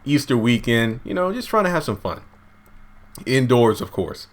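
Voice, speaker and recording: A man casually recapping a TV episode at home, lively and acting out characters' lines in high voices. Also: moderate pace. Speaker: TV show reviewer. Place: home, indoors.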